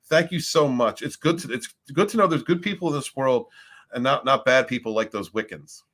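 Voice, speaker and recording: A man's voice: medium pitch, brisk, a bit bright, natural voice. A man putting on a gushing charity lady. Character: sweet older woman charity bell-ringer.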